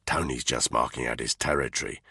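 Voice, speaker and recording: A male narrator voicing a blunt, steady soldier who speaks low, in an audiobook thriller. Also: a little fast, slightly rough, dry recording, clean studio sound, exaggerated voice.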